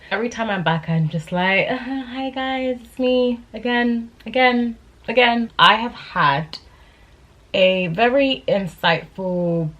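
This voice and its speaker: A woman's voice: lowish voice, a bit bright, dull audio. A woman in her late twenties talking candidly to camera in a chatty, emotional, rambling vlog. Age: 20s. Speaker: vlogger.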